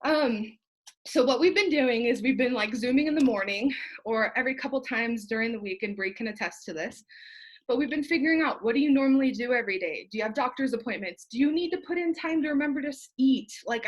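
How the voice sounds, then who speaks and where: This fast-talking young woman has a fairly high voice and is running a live video pep talk for her sales team. Though sweaty and feverish, she's fired up, rambling along with jokes, casual profanity, asides, and laughter.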